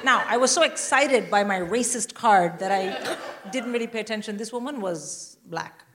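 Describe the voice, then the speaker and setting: A middle-aged woman telling a profane, animated comic story on stage. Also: mid-range voice, normal speed. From India. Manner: animated, profane, punchy delivery with frequent laughter. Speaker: stand-up comedian guest. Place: live theatre stage with audience. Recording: loud background noise.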